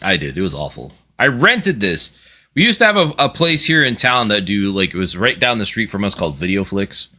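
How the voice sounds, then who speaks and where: A man's voice: lowish voice, big pitch swings, brisk, sharp tone. A man co-hosting a casual livestream, giving dry, grumbling reactions and short stories. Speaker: podcast co-host.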